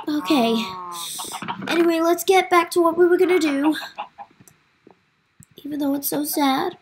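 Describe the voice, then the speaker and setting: A woman's voice: extremely high pitch, unhurried, pauses often, noisy background. A woman hosting a casual game playthrough, speaking straight to her viewers in a melodramatic way. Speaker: gaming channel host. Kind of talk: casual let's-play commentary.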